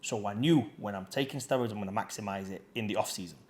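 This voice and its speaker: A man's voice: on the low side, fast talker. A man, a fitness coach, talking casually to camera in a slangy, chatty storytelling way.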